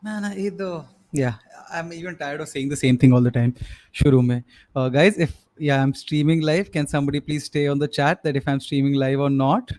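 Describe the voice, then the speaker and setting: A man's voice: a little high, fairly even intonation, fairly quick, darkish tone. A young Indian man with an Indian English accent hosting a live sports podcast, rambling with many fillers and slipping into Hindi. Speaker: podcast host. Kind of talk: live-streamed casual sports chat.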